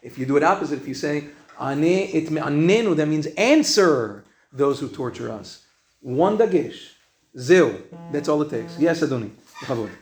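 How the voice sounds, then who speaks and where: A man teaching a class of students, lecturing emphatically on word pronunciation, drawing out words slowly and quizzing the room. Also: fairly high pitch, expressive, echoey room. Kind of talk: classroom lecture on Hebrew grammar.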